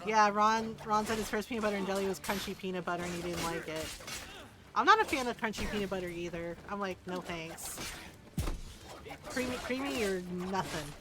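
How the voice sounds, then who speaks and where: A woman's voice: medium pitch, quick pace. A woman streaming a video game, chatting casually, joking, laughing often and mimicking characters as she plays. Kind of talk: casual gameplay commentary.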